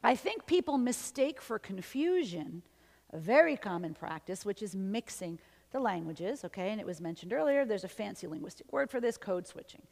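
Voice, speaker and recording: A woman's voice: mid-range voice, normal speed, creaky. Woman, linguist, conversational lecture, mixes English and Spanish, tag questions, long hall reverb. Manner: lively, often ends points with "okay?" or "right?"; switches between English and Spanish. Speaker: linguist giving a symposium talk.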